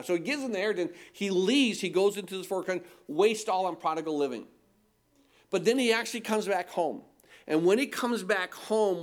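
High-voiced man preaching a sermon. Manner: emphatic, repeats phrases and asks rhetorical questions. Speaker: pastor.

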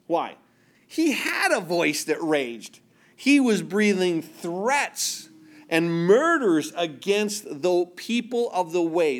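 A middle-aged man preaching a sermon, earnest, often repeating words and dropping to a hush for emphasis. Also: sits high. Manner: earnest, repeats words, swings between loud emphasis and hushed quiet. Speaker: pastor.

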